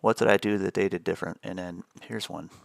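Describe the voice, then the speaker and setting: A man's voice: low voice, steady tone, quick pace, vocal fry, no room sound. A middle-aged man hosting a live day trading stream, chatting casually and thinking aloud over his charts. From United States.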